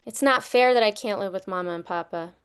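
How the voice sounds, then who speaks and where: A woman's voice: mid-range voice, a little fast, smooth, close to an everyday voice. A woman reading a children's book aloud, voicing a young boy who speaks plaintively to his grandmother. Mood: sad. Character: upset little boy in grandma's care. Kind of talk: storybook read-aloud.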